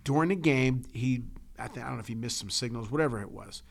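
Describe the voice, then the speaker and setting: Male coach, gravelly, candid and emotional, casual talk with lots of restarts. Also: mid-range voice, fast talker. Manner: emotional, repeats words and restarts, tells stories. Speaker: coach and podcast co-host. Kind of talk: casual chat.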